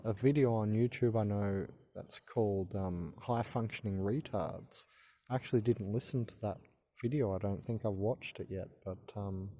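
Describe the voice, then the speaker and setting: Hosting his own channel, a man in his thirties speaks casually to camera in a rambling, faltering monologue with stammers and restarts. He has a mellow voice that sits on the low side.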